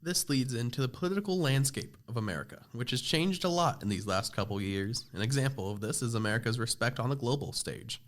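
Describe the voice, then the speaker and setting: A man's voice: mid-range voice, expressive, brisk, few pauses. A teenage boy narrating a scripted school project podcast, reading steadily with small slips and restarts. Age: teens. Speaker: student presenter.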